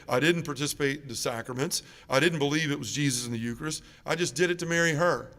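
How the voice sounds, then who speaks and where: A man's voice: a little high, fairly bright tone. Man giving a testimony in a church. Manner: earnest, acts out the people in his story. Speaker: parish mission speaker. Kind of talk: personal testimony talk. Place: large church. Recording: long reverb of a church.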